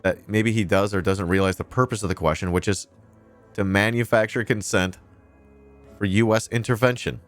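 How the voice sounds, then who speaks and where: Low-voiced streamer guy, sarcastic and fired up, bit of music behind. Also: steady tone, moderate pace. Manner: sarcastic, indignant, with crude asides. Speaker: streamer reacting to a news clip. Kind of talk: casual live-stream commentary.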